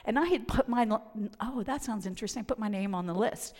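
A woman telling a humorous personal faith story, lively and self-mocking, acting out the voices of the people in it. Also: on the high side, brisk. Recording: long hall reverb.

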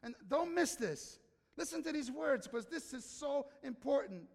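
Brief: male pastor, high voice, chatty sermon that keeps asking the congregation questions, reverberant hall. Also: animated, measured pace. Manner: conversational, questions the audience, acts out quotes.

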